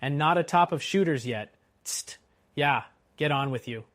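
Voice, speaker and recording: An irritable stagecoach driver, played by a man, cursing and urging on his horses. He speaks raised and loud. The sound is dry. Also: a little high, normal speed, no echo, natural voice. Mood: vexed. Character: vexed, cursing old-time stagecoach driver.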